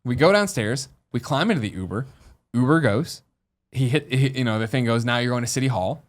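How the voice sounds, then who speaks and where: A man's voice: medium pitch, expressive, fairly quick. A man in his thirties hosting a podcast, telling a story casually and acting out the voices of the people in it. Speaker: podcast host.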